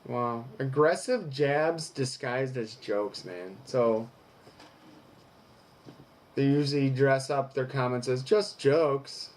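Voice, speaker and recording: A man's voice: medium pitch, slow, darkish tone. A young man recording a candid personal vlog who reads from an article and then talks through it frankly, with some swearing. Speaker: vlogger.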